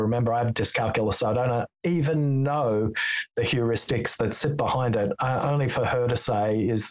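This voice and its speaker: A man's voice: medium pitch, rough recording. A man as a podcast guest, explaining his research and telling stories with quoted dialogue. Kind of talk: conversational podcast interview.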